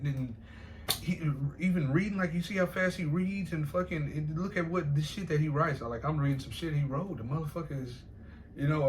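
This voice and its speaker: A man with a voice on the high side talks in a loose, rambling monologue against background noise. He swears often, repeats phrases, and laughs in between them.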